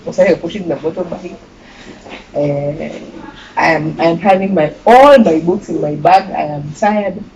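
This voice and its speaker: A young woman with a Kenyan accent tells a personal story as an interview guest, animated and quick to laugh. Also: fairly low pitch. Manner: animated, laughing, mixing in Swahili phrases. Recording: muffled with clear background noise.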